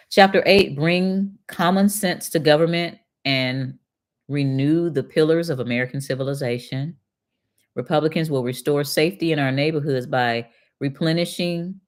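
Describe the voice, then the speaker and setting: Middle-aged woman reacting to a document. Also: a bass voice. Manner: conversational, reads passages aloud then reacts with pointed questions. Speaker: channel host and retired accountant. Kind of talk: casual commentary reading a document aloud.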